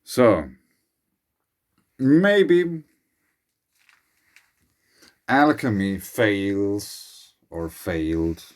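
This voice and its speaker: Slow, musing man with a Finnish accent. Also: on the low side, expressive. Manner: slow, musing, non-native phrasing. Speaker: channel host. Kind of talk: speculative monologue.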